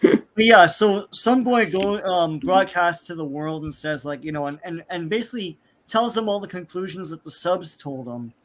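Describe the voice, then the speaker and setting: A man's voice: high-pitched, animated, normal speed. A man casually recapping an old comic book story with plenty of fillers, now and then acting out the characters' lines. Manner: rambling, many fillers, acts out characters' lines. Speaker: podcast host.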